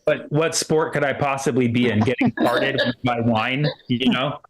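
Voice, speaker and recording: A man's voice: mid-range voice, steady tone, normal speed. A man doing a loose, rambling stand-up comedy set in a comedy club, full of fillers and restarts.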